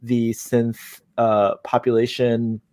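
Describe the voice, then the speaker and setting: A man who is a guest on a casual live stream, excitable and quick to giggle. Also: mid-range voice.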